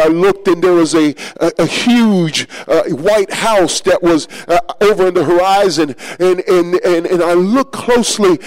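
Male preacher, pitched high, driving a dramatic story from the pulpit with fervor. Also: poor audio. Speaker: pastor. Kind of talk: sermon.

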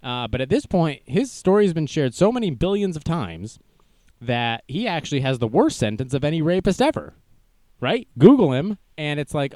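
A man's voice: mid-range voice, very animated, moderate pace, dark tone, no room sound. A young man hosting a casual livestream news show, joking and self-deprecating as he goes. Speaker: news stream host.

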